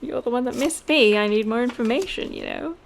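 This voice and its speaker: A woman's voice: fairly high pitch, huge pitch swings, a little fast, creaky, a little hiss or hum. Chatty woman reading tarot cards. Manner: chatty, laughs often, mimics voices in quotes. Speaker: tarot reader.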